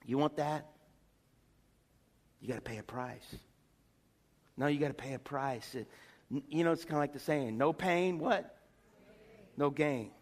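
A man's voice: medium pitch, moderate pace, long pauses, a little mellow, big-room sound. A middle-aged male pastor giving a folksy sermon, calling out to his congregation with rhetorical questions. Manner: folksy, preachy, calls out to the congregation. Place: church sanctuary.

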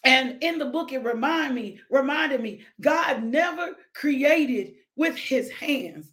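A woman's voice: high-pitched, animated, slow, hardly any pauses. Fervent woman preacher whooping with joy. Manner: exuberant, shouting joyful whoops; sips coffee while talking. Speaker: devotional podcast host.

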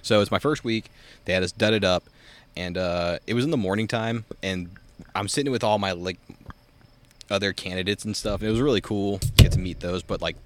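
A man's voice: low voice, fairly bright tone. Young man rambling through a story. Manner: rambling storyteller, heavy filler words and swearing. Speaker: podcast co-host. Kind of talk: casual chat. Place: outdoors in a backyard.

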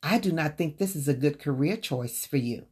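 A woman voicing a cold, dismissive female school counselor who speaks flatly and curtly. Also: low voice, moderate pace, breathy edge, exaggerated voice.

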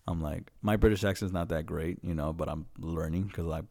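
Young man, podcast co-host, casual profane rambling, lowish voice. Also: steady tone, a little fast, gravelly, warm tone.

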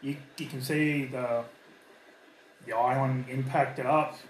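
A man's voice: mid-range voice, steady tone, slow pace. A man narrating as game master in a casual, loose way. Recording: echoey room with faint noise.

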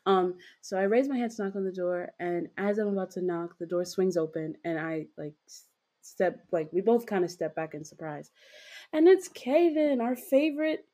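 A woman's voice: lowish voice, steady tone, normal speed, dark tone. A young woman co-hosting a podcast, retelling a dream in a rambling, giggly way with lots of fillers and casual swearing. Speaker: podcast co-host.

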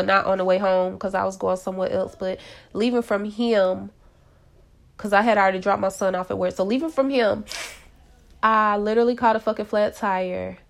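A woman's voice: medium pitch, creaky. A middle-aged woman hosting her own podcast from home, telling stories in a blunt, profane, slang-heavy casual rant. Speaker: podcast host. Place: at home, kids in hallway.

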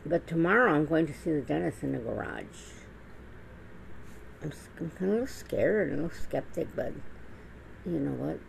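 Blunt, gravelly-voiced woman rambling. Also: deep voice, expressive, moderate pace, long pauses, a little hiss or hum, rough recording. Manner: blunt, profane, rambling with many restarts. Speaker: vlogger. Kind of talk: casual monologue.

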